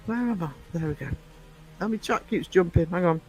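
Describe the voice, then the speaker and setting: A woman's voice: lowish voice, brisk, a little mellow, faint music behind, poor audio. A woman from northern England hosting a casual live stream, chatty, reading out the chat and laughing often. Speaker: livestream host.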